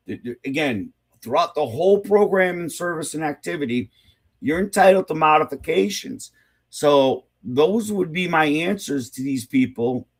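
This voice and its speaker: A man hosting an unscripted advocacy talk, blunt and informal, rambling with many fillers, repeated words and restarts. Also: mid-range voice. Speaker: activist host.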